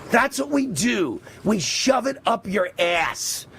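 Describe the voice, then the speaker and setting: A man from New York hosting a live political commentary show, ranting with loud emphatic delivery. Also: high-pitched, big pitch swings, takes it slowly, vocal fry, slight background noise. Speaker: show host.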